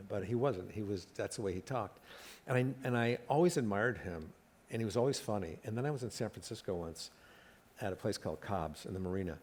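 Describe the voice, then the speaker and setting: A man's voice: fairly low pitch, a little hiss or hum. A middle-aged man, a comedian, telling stories on stage, laughing at his own jokes and acting out quotes. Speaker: comedian guest. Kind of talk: storytelling conversation on stage. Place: live talk event stage.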